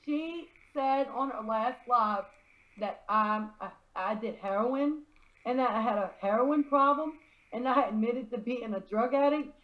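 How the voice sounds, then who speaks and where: Woman, livestream rant, furious and foul-mouthed; slightly high pitch, dull lo-fi sound. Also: unhurried. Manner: furious, swearing heavily. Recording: dull lo-fi stream audio.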